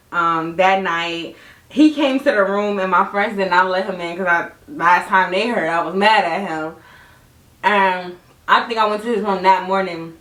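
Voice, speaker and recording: A young woman hosts a casual storytime podcast, animated and often laughing, with her pitch swinging high and low. She sits some distance from the mic in an echoey room.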